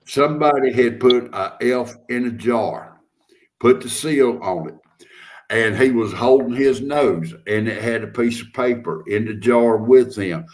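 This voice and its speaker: A man's voice: mid-range voice, measured pace. An older man chatting casually as a host, telling stories in a folksy, drawling way. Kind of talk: casual chat.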